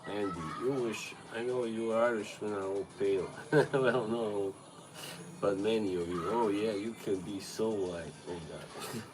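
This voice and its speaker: Speaking in a fairly low, evenly intoned voice at an unhurried pace, a Serbo-Croatian-accented man rambles through a casual livestream, swearing and laughing frequently. His tablet's built-in microphone picks up a noisy background.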